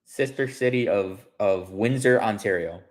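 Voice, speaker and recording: A man's voice: on the low side, measured pace. Rambling man chatting on a livestream. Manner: rambling, many restarts, animated retelling. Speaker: livestream host. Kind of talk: casual livestream chat.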